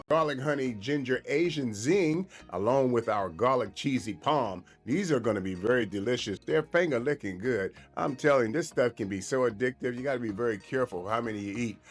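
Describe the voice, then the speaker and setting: A man hosting his own cooking video, chatting casually and repeating himself while he shows the dish. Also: medium pitch. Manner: relaxed, chatty, repeats and restarts phrases. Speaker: cooking show host.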